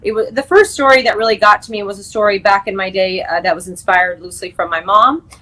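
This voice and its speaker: A woman's voice: medium pitch, fairly even intonation, fast, bright, forceful tone, low-quality recording. A young woman, an actress and screenwriter, chatting as an interview guest, full of fillers and restarts. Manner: chatty, many fillers and restarts, laughs easily. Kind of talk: casual interview chat.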